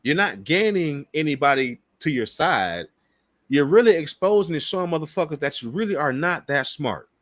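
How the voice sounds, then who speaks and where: A man's voice: fairly high pitch, animated, normal speed, fairly bright tone, no room sound, studio quality. A man hosting a political reaction show, ranting with heavy profanity and scornful laughs. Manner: heated, swearing, laughing scornfully. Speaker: political commentary host.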